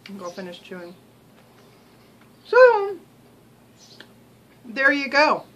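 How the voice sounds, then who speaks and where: A woman's voice: high voice, wildly swooping pitch, takes it slowly, fairly bright tone, poor audio. An older woman vlogging in a rambling, chatty way, with many ums and restarts, sometimes talking while she chews. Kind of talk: casual chat to camera.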